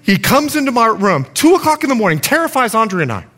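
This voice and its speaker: Lively high-voiced preaching man. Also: fast talker. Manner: animated storytelling preacher, emphatic swings in pitch. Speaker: pastor. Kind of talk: sermon.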